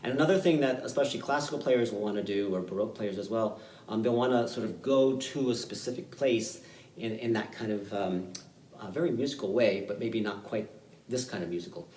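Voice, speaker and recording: A man teaching fiddle in an online workshop. He explains in a relaxed, halting way, with many fillers. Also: lowish voice, slight background noise. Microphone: video call. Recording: roomy sound, mic at a distance, loud fiddle playing.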